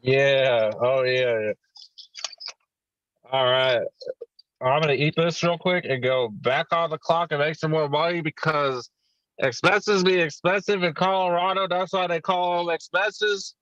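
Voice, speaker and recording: A man's voice: a little high, unhurried, a bit bright, dry recording. A man guest in a casual chat, easygoing and slangy. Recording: dull dry remote call audio.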